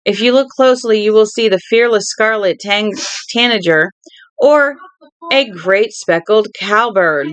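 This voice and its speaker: A woman reading aloud plays a hunted, defiant man who puts on a sarcastic announcer's cheer, drawing his words out slowly. The voice sits close and dry, with no room sound around it. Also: high voice, fairly bright tone, clean tone, dry recording. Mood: mocking.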